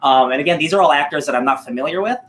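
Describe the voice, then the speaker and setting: Rambling upbeat man, slightly high voice. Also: very fast, a bit bright. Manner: rambling, upbeat, heavy on fillers and restarts. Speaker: podcast co-host. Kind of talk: casual podcast chat.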